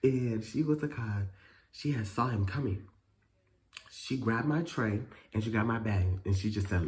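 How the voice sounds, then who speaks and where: A young man with a low-set voice tells a story to camera. He talks casually and profanely, leaping up in pitch when he gets animated and dropping back down between beats. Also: unhurried. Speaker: vlogger.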